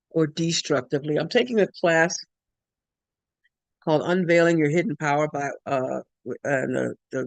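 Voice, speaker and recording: A woman's voice: low-pitched, no room sound. A woman giving a spiritual talk, emphatic and repetitive, often restarting her sentences. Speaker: spiritual speaker.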